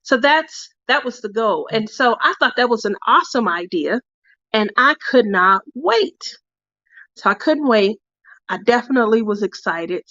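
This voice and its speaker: A woman's voice: fairly high pitch, lively intonation, normal speed, pushed and bright, dry recording, highs cut off. A woman hosting a casual crafting livestream who tells stories in a chatty way and laughs often. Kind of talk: casual chat while crafting.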